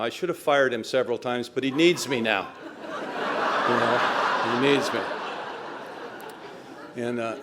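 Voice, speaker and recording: A middle-aged man speaks candidly at a recovery meeting, laughing at himself as he tells his story. His voice sits at an ordinary, mid-range pitch for a man. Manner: candid, self-mocking, chuckles through his story.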